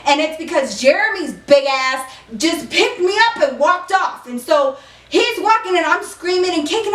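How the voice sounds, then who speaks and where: Young woman vlogger, high voice, telling a wild story all fired up, echoey room a bit far from the mic. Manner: emphatic, heated, acts out the scene, shouts quoted lines; frequent fillers and "okay?" asides. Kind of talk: animated storytime vlog.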